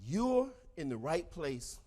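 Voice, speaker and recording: A middle-aged man giving a fiery, preacher-like motivational speech to a crowd, breaking into shouts. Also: a little high, sing-song, slow. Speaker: motivational speaker.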